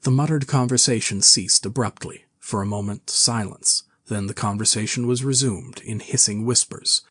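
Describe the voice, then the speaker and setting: A man narrating a classic novel in a measured, even way. His voice is low and husky. It sounds dry and close to the mic. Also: no echo.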